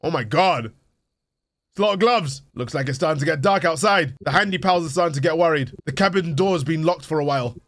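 A young man commentating a horror game playthrough, reacting excitably and reading the on-screen text aloud. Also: a little high, brisk, dry recording. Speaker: gaming youtuber.

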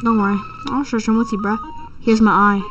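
A woman's voice: fairly high pitch, flat delivery, brisk, muffled recording, lightly acted. Flowey, a woman reading a cheerful menacing flower. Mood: mock-friendly. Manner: reads game text aloud, adds slang jokes. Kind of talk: reading game dialogue aloud.

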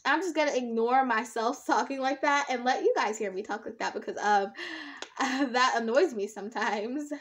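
Talking to her camera set up nearby, a young slime vlogger rambles casually and stretches out her words as if speaking to herself. She speaks at a normal pace in a voice on the high side.

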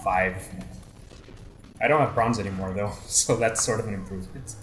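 A man playing a video game with a friend, excitable and swearing, with sudden loud yelps and laughs. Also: on the low side, moderate pace. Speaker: gamer co-host. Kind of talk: casual let's-play chat. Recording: roomy echo with faint noise.

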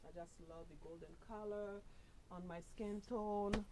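An upbeat woman chats through a fashion try-on, calling her viewers "sis" and dropping plenty of fillers. She talks louder than her soft natural voice at a middle pitch. A faint hiss sits under the sound of the camera mic. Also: fairly even intonation, a little slow. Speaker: fashion vlogger. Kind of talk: casual try-on vlog. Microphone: camera mic, no lapel.

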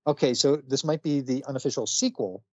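A man's voice: medium pitch, fairly quick, no room sound, dull audio. A man casually retelling a comic book story on a podcast, chatty, with many fillers and frequent laughs. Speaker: podcast co-host.

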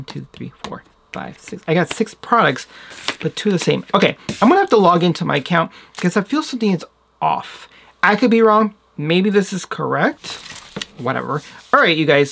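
A woman's voice: fairly low pitch, vocal fry, slight background noise. A woman vlogger chatting casually and giggling while she unboxes beauty products, talking straight to her viewers.

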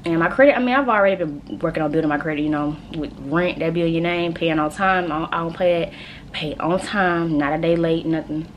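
Young woman, deep-set speaking voice, chatty rambling college vlogger. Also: fairly quick, slight background noise. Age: young adult. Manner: rambling and chatty, talks straight to viewers. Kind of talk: casual vlog chat. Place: her room at home at night.

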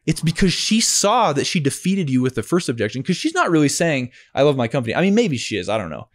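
A man's voice: a little high, wildly swooping pitch, quick pace. Man, podcast co-host, casual storytelling, sales manager, keeps asking "right?", acts out dialogue. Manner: explains with rhetorical check-ins; acts out customer and rep dialogue. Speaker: sales manager coaching door-to-door reps.

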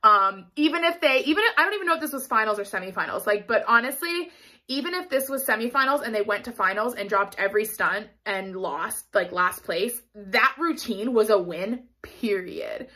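A woman's voice: fairly high pitch, lively intonation, normal speed, bright, forceful tone. A young woman giving a gushing, emotional reaction commentary as a vlogger, often laughing and squealing. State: out of breath.

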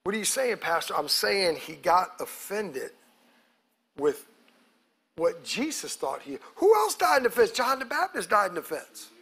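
Man, pastor, sermon, bright tense tone, lively pitch, congregation call-outs, church. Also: unhurried, slightly rough. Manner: preaching with call-outs to the congregation, acts out quotes; loud shouted peaks. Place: church sanctuary.

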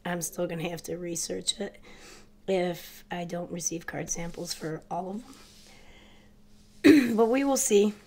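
A woman with a low, gravelly voice, stuffy and congested from a cold. She talks in a hurried, chatty way straight to her viewers, showing off craft supplies in a casual vlog. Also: a little mellow, a little hiss or hum. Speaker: crafting vlogger. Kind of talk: casual haul video chat.

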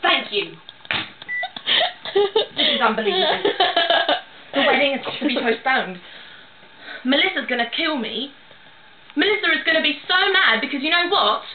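A woman's voice: sits high, very animated, normal speed, long pauses. A young woman in an improvised comedy sketch, complaining in a whiny, near-tearful, dramatic way. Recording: echoey room, tinny phone-like, noisy.

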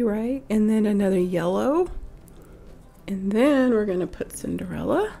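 A toy unboxing channel host with a warm, mid-range voice and vocal fry speaks at a measured pace yet sounds animated. Her voice is a touch off since she's sick. While beading, she chats directly to viewers, self-correcting and giggling lightly.

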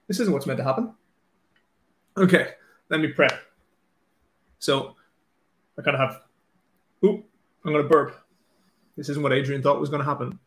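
A slightly bright, higher-pitched man's voice in an echoey room: an Irish author from Ireland. He's chatty but nervous and self-deprecating, leaning on lots of "like" fillers and restarts, and after the casual chat he reads aloud.

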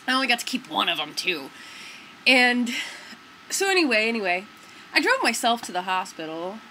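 A woman's voice: fairly high pitch, very animated, moderate pace, bright, forceful tone, slight background noise, poor audio. A young woman vlogger telling a story to the camera in a rambling, casual way, full of fillers like "like" and "dude".

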